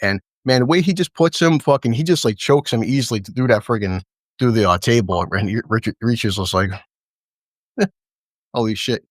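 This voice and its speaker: Excitable profane man recapping a fight. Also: medium pitch, brisk, no echo, clean studio sound. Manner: excited, profane, laughing play-by-play. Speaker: show host. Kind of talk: casual recap chat.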